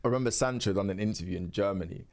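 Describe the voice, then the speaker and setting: A young footballer, laid-back and agreeable in a casual chat. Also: male voice, on the low side, very fast. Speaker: guest footballer.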